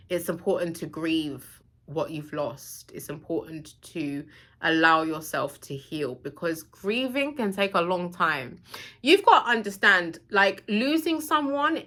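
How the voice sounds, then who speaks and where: Low, bright-toned woman vlogger talking earnestly. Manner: earnest, intimate, addresses the viewer directly. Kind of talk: heartfelt motivational vlog talk.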